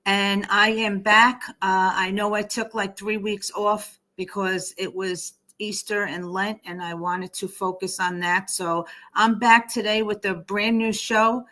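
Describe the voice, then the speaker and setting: Bright-voiced Jersey woman hosting. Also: medium pitch, fairly even intonation, unhurried, hardly any pauses. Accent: New Jersey. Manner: chatty, upbeat, many fillers. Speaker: host. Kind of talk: casual online show chat.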